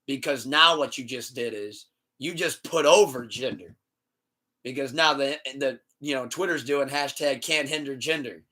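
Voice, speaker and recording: Podcast host, male, animated ranting storyteller with a bright, sharp tone, casual chat. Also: mid-range voice, normal speed. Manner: animated, swearing, storytelling rant.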